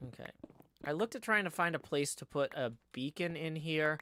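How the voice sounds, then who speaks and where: A man's voice: mid-range voice, fairly bright tone, a little hiss or hum. A man chatting casually on a live stream, reading viewer comments aloud and answering them in a rambling way.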